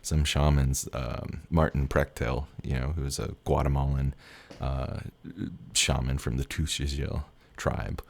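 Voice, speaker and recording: Very deep gravelly man, rambling. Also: flat delivery, slow pace, darkish tone. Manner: rambling and candid, swears, laughs often. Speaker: tarot reader. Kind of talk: casual personal storytelling.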